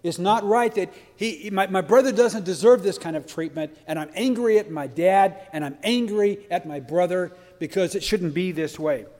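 A man's voice: sits high, a little slow, hardly any pauses, warm tone, big-room sound. A man voicing a resentful, self-righteous older son who is sarcastic and proud, complaining and talking down. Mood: indignant.

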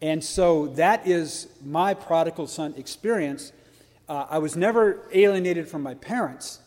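Emphatic high-voiced male preacher. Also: a little slow, darkish tone, in a large hall. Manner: earnest and emphatic, with many restarts and rhetorical questions. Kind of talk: sermon.

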